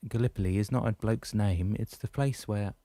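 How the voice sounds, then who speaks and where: Blunt old Aussie bloke read by a man, low dark voice, dry audiobook sound. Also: moderate pace, no echo, close to an everyday voice. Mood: gruff. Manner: blunt, slangy banter.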